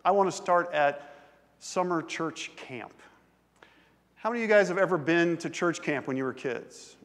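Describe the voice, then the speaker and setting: A man preaching a sermon as pastor, in a conversational, animated way, drawing in the congregation. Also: fairly high pitch, normal speed, big-room sound. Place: large church sanctuary.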